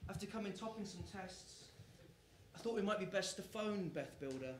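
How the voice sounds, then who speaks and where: A man performing a rhyming spoken-word story poem live, with a rhythmic delivery that builds to shouted lines. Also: sits high, expressive, normal speed, slight background noise. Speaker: performance poet. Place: live venue on stage. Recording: roomy live venue sound.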